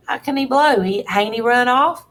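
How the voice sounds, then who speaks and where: A woman's voice: on the high side, normal speed, a bit bright, voice pushed up, lightly acted. A woman voicing a scared young runaway boy, pleading in a raised, tearful voice. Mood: upset, pleading.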